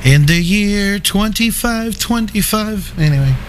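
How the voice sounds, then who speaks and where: A man's voice: sits high, animated, unhurried, a little hiss or hum. A man hosting a casual livestream chat, reading viewer comments aloud and swearing freely in a laid-back way. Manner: profane, laid-back, laughs often.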